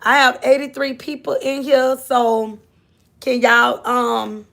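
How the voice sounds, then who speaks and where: Gravelly-voiced woman hosting a livestream. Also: on the high side, fairly even intonation, slow, fairly bright tone. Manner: rambling, repeats herself, chats with viewers. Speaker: livestream host. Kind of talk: casual livestream commentary.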